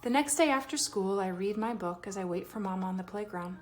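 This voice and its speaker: A woman's voice: medium pitch, brisk, soft background music. Woman reading a children's storybook aloud. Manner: expressive, voices the child's feelings with lively shifts. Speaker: storybook reader. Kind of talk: children's read-aloud narration.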